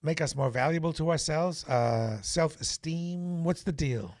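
A man hosting a call-in radio show, asking quick, jokey questions. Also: a little high, a little mellow. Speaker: radio host.

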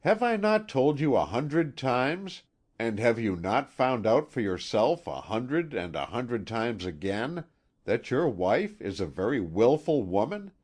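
A man's voice: medium pitch, wildly swooping pitch, measured pace, a little mellow, pitched above the performer's own voice. A man voicing a wilful, playful young wife who talks in a light, teasing way. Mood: gay teasing.

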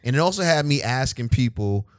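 A man co-hosting a casual chat, excitable and profane. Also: mid-range voice, fairly quick, no room sound, studio quality. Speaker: podcast co-host.

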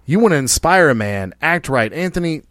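Brisk and very animated, a man with a slightly high, fairly bright voice hosts a podcast in a brash, profane, preachy manner. He regularly speaks straight to the audience, and the studio sound is clean and echo-free.

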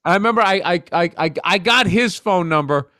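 A man's voice: high voice, animated, fairly quick, sharp tone, no room sound, studio quality. A man, a comedian, telling rambling stories in casual podcast chat, swearing and restarting sentences. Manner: storytelling, swears a lot, stammers on restarts.

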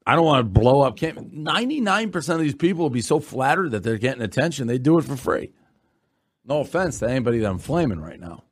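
A man's voice: mid-range voice, big pitch swings, fast talker, slightly rough, no echo, clean studio sound. A man hosting a podcast in casual chat, blunt and profane, telling stories with animation. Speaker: podcast host.

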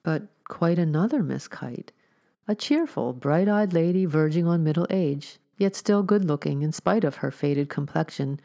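A woman narrating a story as an audiobook reader, with a measured, steady reading. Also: low voice.

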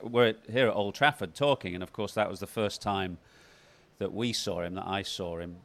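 Interview guest, man, lower voice, measured and dry-humoured delivery. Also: creaky, a bit bright. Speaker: former opponent interviewed. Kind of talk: casual interview answer.

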